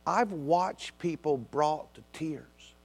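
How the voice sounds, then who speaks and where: Guy preaching, kinda high voice, chatty, acts out little asides then pushes hard. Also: lively intonation, gravelly. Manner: conversational preaching with quick acted asides. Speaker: pastor. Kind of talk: sermon.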